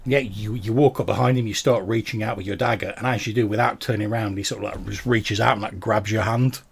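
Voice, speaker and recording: A man's voice: fairly low pitch, fairly even intonation, quick pace, vocal fry, breathy edge. A man narrating a tabletop game as game master, talking casually with many fillers. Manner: casual, many fillers, puts on brief character voices.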